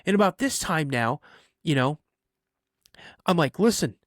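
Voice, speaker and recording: A man telling a personal story on a podcast in casual chat, animated and acting out the voices in it, with plenty of "you know" fillers. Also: a little high, a little slow, no echo, studio quality. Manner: animated, acts out voices in his stories. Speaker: podcast guest.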